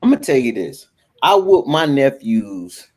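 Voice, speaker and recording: A man on a talk show, casually telling a family story with animated laughter. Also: mid-range voice, a little slow.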